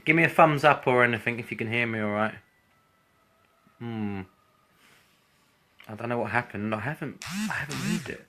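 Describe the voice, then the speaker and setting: A man's voice: mid-range voice, pushed and bright. Chatty guy rambling live. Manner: chatty and rambling, with frequent ums and self-corrections. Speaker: vlogger hosting a live stream. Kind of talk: casual live-stream ramble.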